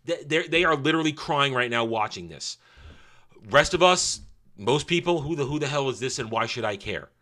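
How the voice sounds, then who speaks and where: Sarcastic, bright-voiced male reviewer. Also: mid-range voice, animated, moderate pace. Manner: sarcastic and scornful, with mocking asides. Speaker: show reviewer. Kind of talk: casual opinionated review.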